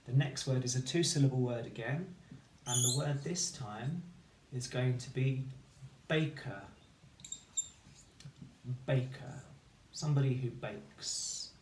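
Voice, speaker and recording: A male primary teacher leads a phonics lesson, speaking in a clear, encouraging voice and drawing out each letter sound slowly. His voice is recorded in a roomy space with a noticeable echo. A faint hiss sits underneath. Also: mid-range voice, a little mellow.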